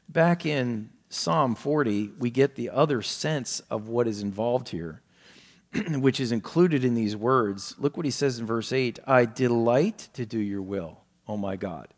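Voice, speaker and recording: Man preaching a storytelling sermon. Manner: storytelling preacher, emphatic rises and soft low passages. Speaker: pastor.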